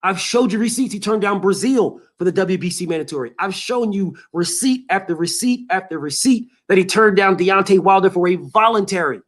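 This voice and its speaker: High-voiced man ranting about boxing. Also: fairly quick, few pauses. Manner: heated, emphatic, profane, repetitive. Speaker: boxing show host. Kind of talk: boxing commentary rant.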